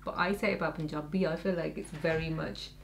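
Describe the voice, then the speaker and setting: A woman's voice: low-pitched, fairly even intonation, fairly quick, gravelly, a little hiss or hum. A woman co-hosting a reaction video, chatting casually and giggling. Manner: giggly, chatty with many fillers. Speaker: reaction channel co-host. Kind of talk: casual chat.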